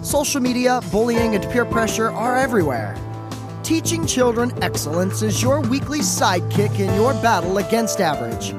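A woman delivers a polished promotional opening for a podcast. Her pitch moves a lot as she reads, and loud music plays under her voice throughout. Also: very animated, normal speed. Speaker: show intro announcer. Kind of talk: scripted promo narration. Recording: voice over loud music bed.

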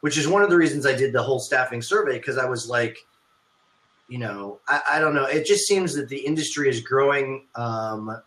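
A man hosts a casual podcast, thinking out loud about running his martial arts schools. His voice is bright and forward, and he often restarts sentences as his thoughts catch up. The recording has a roomy echo around him. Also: mid-range voice, brisk. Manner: thoughtful, rambling, with many restarts.

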